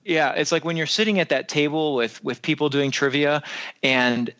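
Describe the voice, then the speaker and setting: A man's voice: on the high side, normal speed, fairly bright tone, muffled recording. A man co-hosting a podcast in casual chat, hesitant and self-deprecating, with many fillers. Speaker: podcast co-host.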